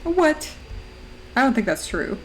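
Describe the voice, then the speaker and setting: A woman's voice: medium pitch, animated, normal speed, slight background noise, low-quality recording. A woman streamer chatting casually and giggling, often baby-talking to her dog. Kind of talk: casual chat.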